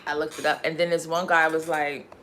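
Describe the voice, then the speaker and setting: A woman's voice: low voice, flat delivery, a bit bright. Livestream host, woman, New York accent, just woke up; loose, rambling chat over faint background noise. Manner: rambling, chatty, drawn-out fillers.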